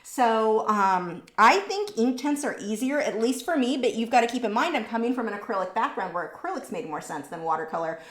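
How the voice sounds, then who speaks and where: A woman hosting a live painting stream, chatting casually and answering viewer questions, warm and talkative. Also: on the high side, animated, a little fast, few pauses, reverberant. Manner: warm, chatty, easily moved, laughs between words.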